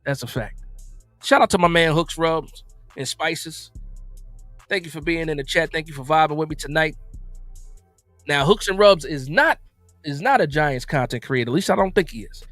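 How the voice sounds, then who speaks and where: A man's voice: a little high, a little fast, a bit bright, dry recording, soft background music. A man from New Jersey hosting a live-stream football talk show, chatting loosely, repeating himself and reacting to viewer messages. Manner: loose, repetitive, reads and answers chat.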